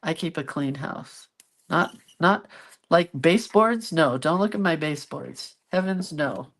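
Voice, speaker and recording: A woman's voice: sits low, expressive, unhurried. A middle-aged woman chatting casually to viewers while she works on a craft project, chatty and self-deprecating. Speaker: craft vlogger.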